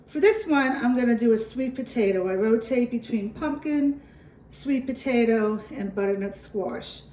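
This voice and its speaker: Woman with a New York accent, cooking-channel host, easygoing and reassuring, unhurried delivery, mellow tone. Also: on the high side, echoey room, far from the mic, low-quality recording. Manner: chatty, reassuring, with fillers. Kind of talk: casual cooking demonstration.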